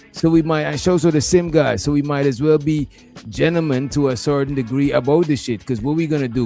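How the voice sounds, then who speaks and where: A man with a fairly high, gravelly voice rambles through casual, profane banter on an online panel. Faint music sits underneath. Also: darkish tone. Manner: laid-back, profane, rambling.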